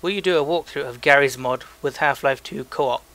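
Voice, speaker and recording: A young man reads listener emails aloud on a casual podcast, joking and stumbling as he goes. His voice is bright and forward. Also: mid-range voice, a little fast. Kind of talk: casual chat.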